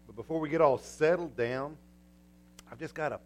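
An older man preaching a sermon in a church, folksy and energetic, breaking into cheering shouts. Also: on the high side, moderate pace. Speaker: pastor. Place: church sanctuary.

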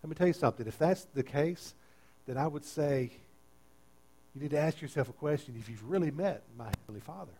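A pastor preaching a sermon with great energy, swinging from quiet, tender lines to loud, emphatic ones. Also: male voice, fairly high pitch, a little fast, breathy edge. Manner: dynamic preaching, swinging between soft and loud.

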